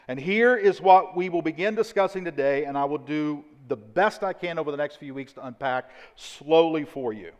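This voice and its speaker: A man preaches from a church stage, his somewhat high voice ringing through a large hall with a long echo. He talks emphatically, hammering repeated phrases and slowing right down on the words that matter. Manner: emphatic, repetitive preaching with deliberate slow stresses. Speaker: pastor. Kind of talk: sermon. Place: church auditorium.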